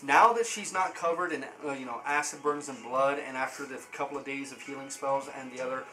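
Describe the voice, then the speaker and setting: A man narrating as game master for a tabletop game, halting and full of fillers. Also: medium pitch, sharp tone, poor audio.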